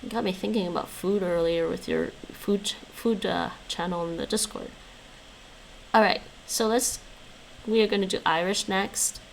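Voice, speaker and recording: A woman streaming from home talks through a relaxed session, reading her chat aloud and replying with easy laughter. Her mid-pitched voice has a gravelly, fry-tinged texture. A faint hiss sits under the recording. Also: normal speed, poor audio. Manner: chatty, answers viewers' chat aloud, laughs often. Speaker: livestreamer learning languages. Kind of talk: casual livestream chat.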